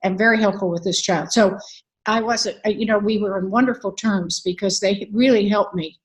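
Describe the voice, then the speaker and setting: A woman's voice: mid-range voice, normal speed, poor audio. Older woman guest, advocate and author; earnest, candid storyteller, fillers throughout. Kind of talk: conversational interview storytelling.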